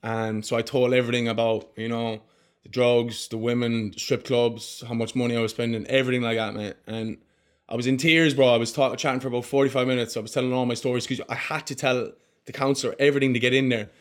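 Irish man, flat steady storytelling. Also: medium pitch, quick pace. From Ireland. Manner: casual, sprinkles mate and man, frequent restarts. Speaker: podcast guest. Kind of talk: candid conversational storytelling.

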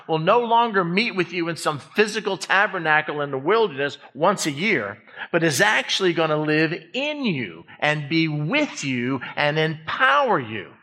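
A man delivers a sermon with animated energy, jumping between quick bursts and acted asides. His voice is bright and forceful, pitched a little above the usual for a man. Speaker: pastor.

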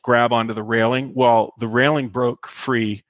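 Guy actor spinning a set story, mid-pitch voice, dry close sound, lots of "you know". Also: measured pace, dry recording, dull audio. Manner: animated anecdote teller, acts out quotes, many fillers. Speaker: guest actor. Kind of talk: storytelling interview.

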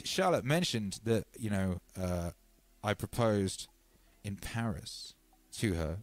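A man's voice: lowish voice, slow, no room sound. English guy in his 30s rambling on a livestream, slangy, faint music behind. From England. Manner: animated, slangy, reads chat aloud. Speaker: livestream host. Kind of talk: casual livestream chat.

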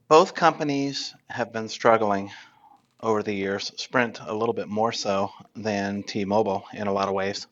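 Low-voiced man on a dull lo-fi line. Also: fairly bright tone. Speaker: podcast co-host. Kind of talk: casual panel chat. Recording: dull lo-fi sound.

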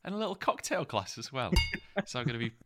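A man hosting a casual live stream chat, playful and quick to laugh. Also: mid-range voice, sing-song, loud music behind the voice. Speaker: host.

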